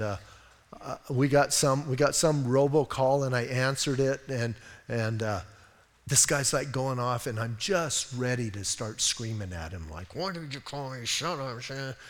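A man's voice: mid-range voice, big-room sound. A man preaching a sermon as pastor, conversational and self-deprecating, telling funny stories about himself. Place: church sanctuary.

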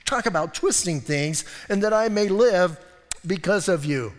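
A man preaching a sermon as pastor, lively and acting out voices from the story. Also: high-pitched, a little slow, big-room sound. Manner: animated, acts out voices of people in the story. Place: church hall.

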